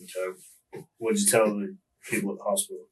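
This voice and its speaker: A male detective questioning a suspect with short, steady probing questions. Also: on the low side, fairly quick, recorded from a distance. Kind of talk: police interrogation.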